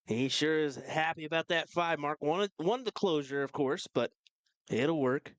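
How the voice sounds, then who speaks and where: A man co-commentating live darts with relaxed, teasing banter. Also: a little high, a little slow, no room sound.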